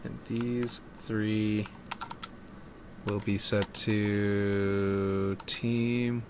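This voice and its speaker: A man with a lowish voice and flat delivery draws out his words while streaming his game map building. He keeps up a casual running commentary, thinking aloud and trailing off, with slight noise in the background.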